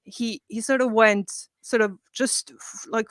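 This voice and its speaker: A woman, a comic writer guest, telling animated, profane, self-mocking stories in casual chat. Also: fairly high pitch, normal speed, hardly any pauses, dry recording.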